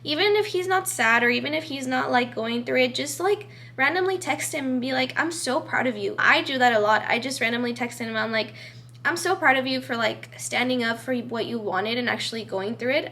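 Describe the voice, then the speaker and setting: A young woman talks straight to her camera, giving friendly advice in a casual, chatty way. Her voice sits high, and she fills her sentences with "like" and "you know" while staying earnest and encouraging. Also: a little fast, bright, forceful tone.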